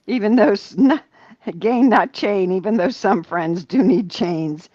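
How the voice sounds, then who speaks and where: Older woman from Ohio, livestream co-host; slow, chatty, lower voice, muffled dry audio. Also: expressive, mellow, no echo. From Ohio, USA. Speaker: livestream co-host reading chat. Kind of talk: casual livestream chat.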